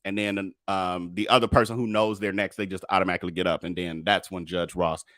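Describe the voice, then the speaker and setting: A man's voice: sits low, steady tone, a little fast, a bit bright, no echo, clean studio sound. A man commenting on true crime, reading court transcripts aloud and talking casually to his listeners. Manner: casual, addresses listeners as y'all.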